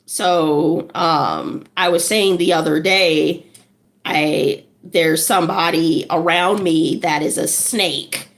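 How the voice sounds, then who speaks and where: A woman who is a social worker, chatting casually and laughing while strumming a ukulele. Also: low-pitched. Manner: chatty, laughing, unhurried storytelling.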